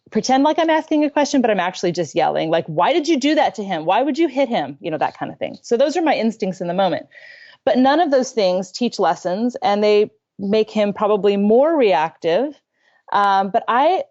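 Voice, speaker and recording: Woman guest, candid storyteller, mid pitch, slightly muffled remote audio. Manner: candid, self-deprecating, animated. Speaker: parenting author guest. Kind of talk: conversational storytelling. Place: her own room at home.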